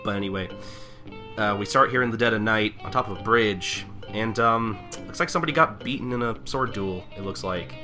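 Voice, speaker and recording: A man's voice: on the low side, fairly quick, over music. A man co-hosting a podcast, recapping a manga chapter in a rambling, casual way with lots of fillers. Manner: rambling, many fillers, lively. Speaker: podcast co-host.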